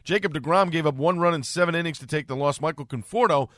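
A man reading the news and sports scores on morning radio in a steady, plain delivery. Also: fairly high pitch, fast talker, no room sound, clean studio sound. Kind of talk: newscast reading.

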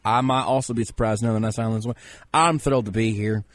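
A man's voice: lowish voice, fairly even intonation, fast talker, no echo, natural voice. A male radio host playing a pompous, boastful guest who calls himself a draft expert, talking in rambling, self-important bursts on a studio mic. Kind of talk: comedic radio bit as a fake draft expert.

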